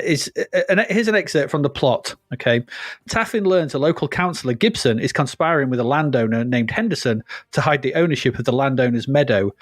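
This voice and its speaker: A man's voice: medium pitch, no echo. Chatty man, dry close sound. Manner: rambling, laughs often, reads plot summaries aloud. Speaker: podcast co-host. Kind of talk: casual chat.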